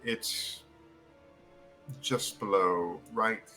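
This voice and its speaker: A man's voice: lowish voice, fairly even intonation, very slow, sharp tone, faint music behind. A man running a tabletop game as game master, narrating loosely with many fillers and restarts. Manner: rambling, filler-heavy narration with voiced townsfolk.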